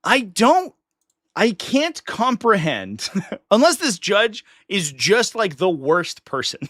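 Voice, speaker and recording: A man hosting a casual live stream, his speech swinging up and down with plenty of life. His voice is bright and sits somewhat high for a man, and it sounds close and dry. He comes across chatty and opinionated. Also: wildly swooping pitch, slow, no echo. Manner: chatty and opinionated, slips into mock voices of others.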